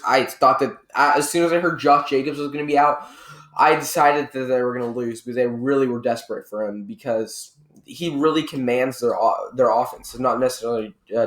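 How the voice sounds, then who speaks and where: A man co-hosting a sports podcast, giving a casual, rambling game recap and correcting himself as he goes. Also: medium pitch. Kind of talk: casual sports analysis chat. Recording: echoey room.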